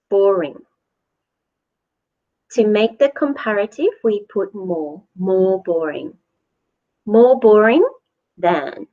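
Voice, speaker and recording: A woman teaching English grammar at a slow, deliberate pace, from New Zealand, repeating each word clearly for learners. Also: mid-range voice. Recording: dull lo-fi recording.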